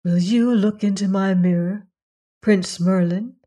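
A woman's voice: medium pitch, steady tone, unhurried, natural voice. A woman reading as a tender young princess. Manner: gentle, questioning, archaic speech.

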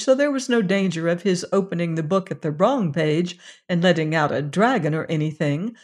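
Gentle storybook reader, medium pitch. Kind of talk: storybook reading aloud.

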